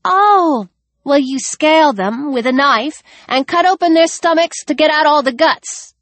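A woman voicing a chatty, excitable young girl in a breathless, childlike voice. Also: high voice, measured pace, no room sound, voice pushed up.

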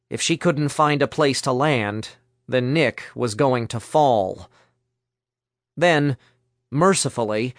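In a measured, steady storytelling voice, a male audiobook narrator reads scripted narration at medium pitch. The recording is studio quality with no room sound.

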